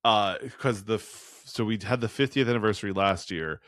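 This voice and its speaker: Low-voiced chatty man in a dry room. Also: moderate pace, fairly bright tone, dry recording. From New England, near Boston. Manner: chatty, laughs often, filler-heavy. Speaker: podcast co-host. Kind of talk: casual chat.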